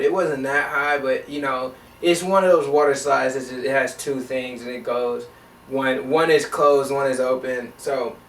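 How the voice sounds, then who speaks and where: A man's voice: fairly high pitch, far from the mic, a little hiss or hum. Young man telling a rambling story. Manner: animated, slangy, rambling with many restarts. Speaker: vlogger. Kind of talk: casual storytelling. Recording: roomy echo, voice a bit off mic.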